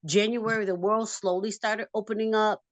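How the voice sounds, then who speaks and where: A woman's voice: mid-range voice, steady tone, normal speed, no echo. Effusive woman on a video call. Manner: warm, effusive, laughs often. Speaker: filmmaker guest. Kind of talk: casual video call interview. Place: home.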